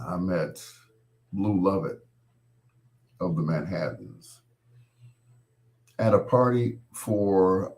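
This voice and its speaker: Slow, deep-voiced man, laid-back radio DJ. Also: a little mellow. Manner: laid-back storytelling with slang. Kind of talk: late-night radio DJ chat.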